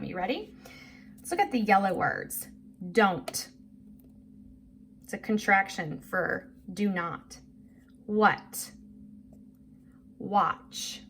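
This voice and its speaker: A woman's voice: medium pitch, a bit bright, slight background noise. A woman teacher leading a children's reading lesson, patient and encouraging, spelling words out letter by letter.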